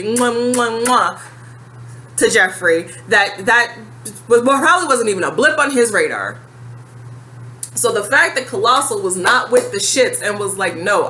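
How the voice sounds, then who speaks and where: A woman's voice: fairly high pitch, pushed and bright, a little hiss or hum. A woman giving casual reaction commentary in a sassy, blunt way, firing off rhetorical questions.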